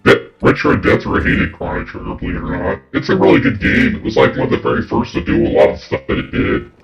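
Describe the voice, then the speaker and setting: A man's voice: lowish voice, sing-song, quick pace, vocal fry. A man streaming a video game, chatting casually with viewers and swearing freely. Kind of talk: casual gaming stream chat. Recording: dull lo-fi mic with faint game music.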